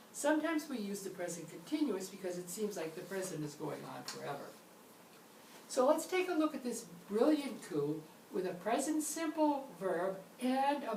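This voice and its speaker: A woman's voice: medium pitch, gravelly, darkish tone. A woman teaching an English grammar lesson in a playful manner with theatrical asides. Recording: roomy echo, mic at a distance, faint noise.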